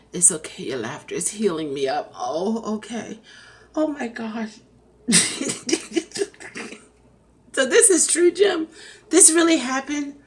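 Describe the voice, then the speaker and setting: A woman chatting casually on a live stream, reading comments aloud and often breaking into loud laughter. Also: mid-range voice. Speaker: rideshare driver vlogger reading live chat.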